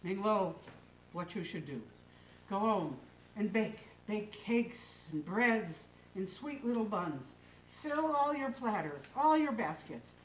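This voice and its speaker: A woman voicing an old wise village man who speaks slowly and calmly, in a low, pondering way. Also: slight background noise. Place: live stage in a hall. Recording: echoey hall from far off.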